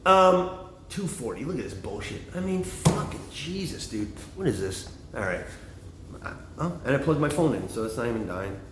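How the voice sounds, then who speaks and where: A middle-aged man rambles through a profane road-trip story, doubling back and drifting into tangents in a loose, casual monologue. His voice sits at an ordinary pitch and rings off the walls of an echoey room, with a faint hiss of ambience behind it. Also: very animated, normal speed. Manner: profane, meandering, digressive storyteller.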